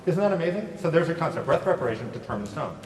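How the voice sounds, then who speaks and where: A man leading a choir through warm-up exercises, upbeat and encouraging, heard from a distance in a large echoey hall. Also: fairly high pitch, very animated, a little hiss or hum. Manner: upbeat, encouraging, quick praise. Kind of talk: choral warm-up instruction. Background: choir singing along.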